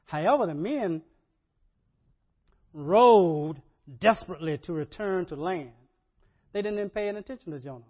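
A man preaching a sermon, animated, repeating words and rising to loud emphasis. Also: high voice, moderate pace, long pauses. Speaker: pastor. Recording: dull lo-fi sermon audio.

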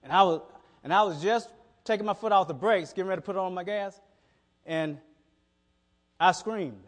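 In a reverberant hall, a middle-aged man preaches a conversational sermon at a moderate pace, his voice sitting high. He tells folksy stories and often repeats his words.

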